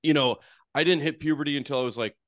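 A man's voice: a little high, fast, fairly bright tone, no echo, studio quality. A man with a North Dakota accent, a therapist guest telling his story in a chatty, self-deprecating way. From North Dakota, USA. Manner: chatty and self-deprecating, with frequent "you know". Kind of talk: casual storytelling interview.

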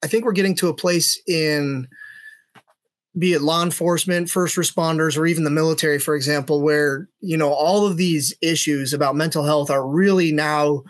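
A middle-aged man speaking in a slightly high register for his voice. He talks earnestly and conversationally, circling back with restarts and "you know" fillers as he recounts his experiences as a police officer. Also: fairly even intonation, normal speed. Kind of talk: conversational storytelling.

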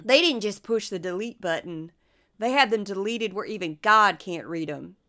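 A woman's voice: mid-range voice, animated, normal speed, pushed and bright. A woman doing an impression of a stern male politician, delivered emphatically and accusingly.

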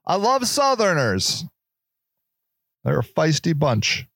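A man's voice: huge pitch swings, takes it slowly, vocal fry, a bit bright, no echo, studio quality. A man hosting a podcast in a casual, rambling monologue, joking and swearing as he goes. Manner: rambling, profane, jokey, with sudden pitch jumps. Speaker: podcast host.

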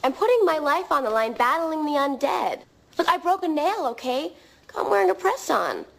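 High gravelly voice, a whiny sassy teen girl from a tv drama. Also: sing-song, normal speed, fairly bright tone, exaggerated voice. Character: teenage girl slayer, sixteen, sassy and scared. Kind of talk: TV drama acting.

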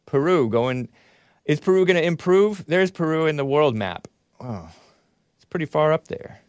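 A man's voice: a little high, lively intonation, moderate pace, a little mellow, clear, resonant tone, dry recording. A man hosting a call-in talk show, rambling and musing aloud while he laughs at his own remarks. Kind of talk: casual call-in show chat.

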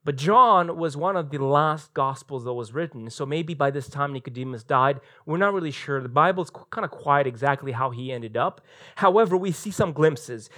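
A man's voice: fairly high pitch, a bit bright. A male pastor preaching a live church sermon, telling the story animatedly and acting out the quotes. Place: church sanctuary, recorded live.

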